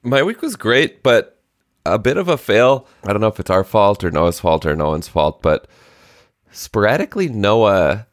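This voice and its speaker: A man in his thirties co-hosting a chatty podcast, telling a story thoughtfully with frequent pauses and restarts. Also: on the low side, very animated, no echo, studio quality. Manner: reflective storytelling with many hesitations. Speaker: podcast co-host. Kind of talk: casual chat.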